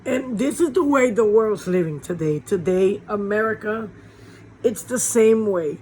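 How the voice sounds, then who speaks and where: Slow-preaching woman pastor. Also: mid-range voice, animated, darkish tone, slight background noise, low-quality recording. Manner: conversational preaching with rhetorical questions. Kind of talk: informal sermon. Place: small warm room with a fan.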